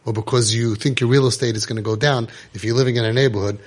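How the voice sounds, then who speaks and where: A man's voice: medium pitch, steady tone, fast talker, hardly any pauses. A man giving an impassioned religious lecture to parents, scolding and rhetorical, sprinkling in Hebrew and Yiddish terms.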